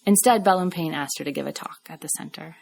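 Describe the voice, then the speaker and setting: A woman podcast host reading scripted storytelling narration in a measured, reflective way. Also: deep voice, creaky, darkish tone, faint music behind.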